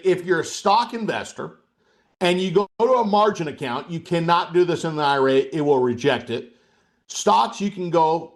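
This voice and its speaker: A male trading coach runs a live webcast lesson. His voice sits a little high, and he explains in a loose, conversational way, checking in with listeners as he goes. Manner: conversational, asks the audience questions and checks in with "okay?".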